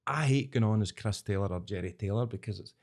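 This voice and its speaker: A man's voice: on the low side, quick pace, vocal fry. A Scottish man telling stories in a casual podcast chat, acting out voices and laughing often. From Scotland. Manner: lively storyteller, acts out voices, laughs often. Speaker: podcast guest, entertainer.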